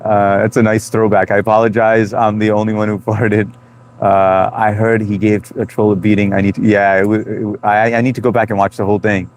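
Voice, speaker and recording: Stream host, man, thirties, low-pitched, loose friendly chat. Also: little pitch movement, a little fast. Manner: loose and chatty, greets viewers by name. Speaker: livestream host reading chat. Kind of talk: casual live chat.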